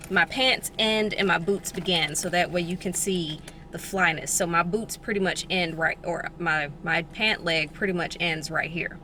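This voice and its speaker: A woman's voice: on the low side, bright, forceful tone, a little hiss or hum. A young woman chatting casually to her phone camera from a parked car, slangy and self-mocking. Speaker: vlogger. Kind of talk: casual vlog chat. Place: parked car in a parking garage.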